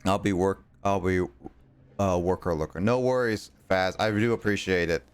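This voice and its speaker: A man's voice: sits low, fairly even intonation, normal speed, clean tone. A male streamer chatting casually while playing a game, rambling with plenty of fillers. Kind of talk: casual chat while gaming.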